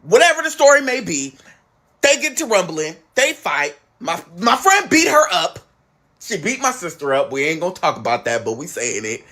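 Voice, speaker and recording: Animated man telling a story, bright voice. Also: moderate pace. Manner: animated, acts out quoted relatives with big pitch jumps. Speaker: guest storyteller. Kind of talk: casual storytime.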